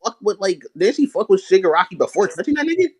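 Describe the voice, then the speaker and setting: Excitable man explaining anime powers. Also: high-pitched, quick pace, no room sound. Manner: excitable, explains with hypotheticals and slang. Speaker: podcast co-host. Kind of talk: casual chat about anime.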